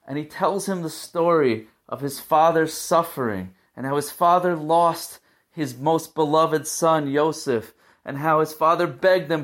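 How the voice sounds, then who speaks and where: A man's voice: fairly high pitch, unhurried. A man giving a weekly Torah portion talk as a teacher, telling the story in an earnest, emotional way.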